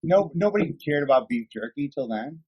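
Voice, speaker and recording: A man co-hosting a podcast, chatting casually, rambling excitedly and swearing often. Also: fairly high pitch, fairly quick, slightly rough, lo-fi sound. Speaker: podcast co-host. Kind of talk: casual chat.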